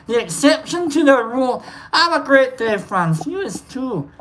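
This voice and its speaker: Woman, stream host, higher voice, playful rambling, cursing, casual shout-outs. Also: sing-song, measured pace, slight background noise, poor audio. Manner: playful, joking, swears freely; loose and meandering, lots of fillers. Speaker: livestream host reading viewer shout-outs.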